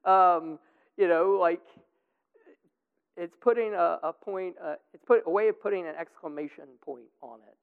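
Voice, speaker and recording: Speaking unhurriedly in a slightly high, clear and resonant voice, a man rambles through a casual group Bible study full of fillers. The line sounds tinny, like a phone, and carries a long reverb tail.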